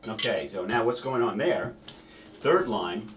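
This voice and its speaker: A man's voice: fairly low pitch, animated, a little slow, very noisy. A man teaching a snare drum solo, counting beats aloud and stopping now and then to correct himself.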